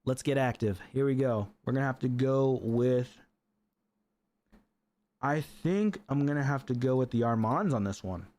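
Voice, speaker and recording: Excitable man streaming a game. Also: mid-range voice, normal speed. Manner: excitable, chatty, laughs often, talks to chat. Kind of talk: live gameplay commentary.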